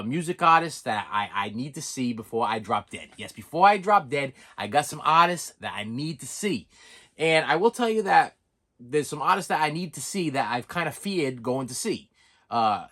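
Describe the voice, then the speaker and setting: Excitable middle-aged man telling stories. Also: fairly high pitch. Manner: animated, repetitive, excitable. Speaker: vlogger. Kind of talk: casual storytelling vlog.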